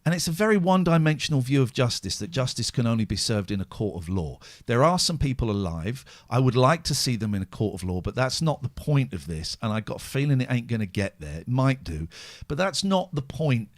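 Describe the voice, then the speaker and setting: A man's voice: medium pitch, big pitch swings, fairly quick, dry recording, studio quality. A middle-aged man hosting a podcast, talking openly and emotionally, worn out and swearing heavily. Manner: raw, emotional, heavy swearing. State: exhausted and drained. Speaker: podcast host. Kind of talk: candid podcast chat.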